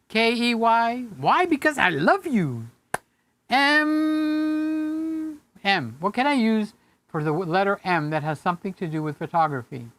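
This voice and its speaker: A man's voice: high voice, sharp tone, no room sound. A man hosting a casual live stream from a home studio room, rambling, joking and affectionate with his viewers.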